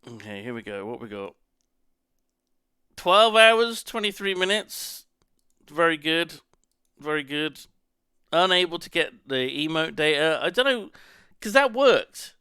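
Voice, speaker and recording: A man's voice: fairly high pitch, big pitch swings, normal speed, pushed and bright, clear, resonant tone, no echo, clean studio sound. A man chatting casually to his stream audience, rambling as he reacts to chat and swearing now and then. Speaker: live streamer.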